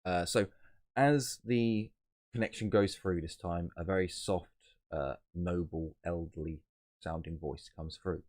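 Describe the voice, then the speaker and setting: A man narrating as game master of a tabletop role-playing game, talking in a halting way with frequent fillers and restarts. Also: low voice, steady tone, darkish tone.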